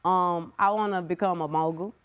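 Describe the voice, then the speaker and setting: A woman's voice: fairly low pitch, fairly even intonation, moderate pace. A young woman in her twenties with a Memphis accent, a guest on a talk show, laid-back and giggly with casual slang. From Memphis, USA. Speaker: guest rapper. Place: TV studio with live audience. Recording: studio with audible audience and noise.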